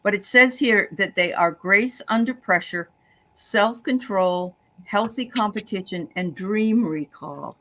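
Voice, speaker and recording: An older woman hosting a medium session, chatting casually and passing on messages, quick to affirm and laugh. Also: mid-range voice, a bit bright. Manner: affirming listener, lots of mm-hmms, easy laughs. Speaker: host and medium. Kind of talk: casual chat.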